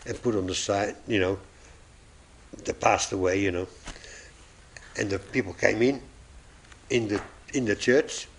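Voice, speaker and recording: A man preaching a sermon, telling illustrations and acting out the voices in his stories, chuckling at his own jokes. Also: lowish voice.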